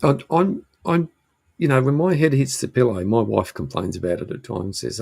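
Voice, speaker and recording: A man's voice: medium pitch, animated, normal speed, creaky, darkish tone, slightly rough. A man hosting a casual live-stream chat from his shed, hesitant and full of ums and restarts. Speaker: host. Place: home shed.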